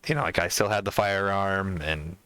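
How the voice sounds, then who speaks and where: Male podcast host, rambling storyteller, bright clear voice, low-ish. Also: moderate pace, no room sound. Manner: rambling, full of fillers and acted-out quotes. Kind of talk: casual storytelling chat.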